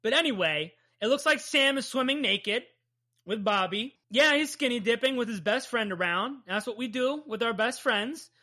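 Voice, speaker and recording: A woman's voice: a little high, expressive, moderate pace, pushed and bright. A woman in her thirties hosting a comic book podcast, chatting casually and enthusiastically with plenty of swearing. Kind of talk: casual chat recapping a comic.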